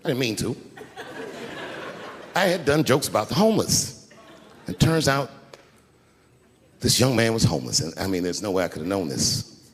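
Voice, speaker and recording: A middle-aged man doing a stand-up routine, telling stories animatedly and shouting punchlines. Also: on the low side, lively intonation, moderate pace, long pauses. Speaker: stand-up comedian. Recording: live hall reverb, faint background noise.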